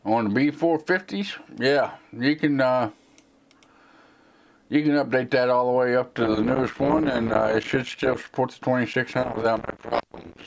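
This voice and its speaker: Casting: Southern American man, middle pitch, live stream host, rambling and sarcastic, slight slur. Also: level tone, moderate pace, creaky. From United States. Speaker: tech channel host.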